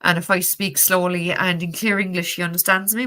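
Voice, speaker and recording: A woman's voice: lowish voice, steady tone, fairly quick, bright, forceful tone. A woman with a Cork Irish accent chatting casually on a live stream, laughing often and swearing freely while reviewing a tarot deck. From Ireland.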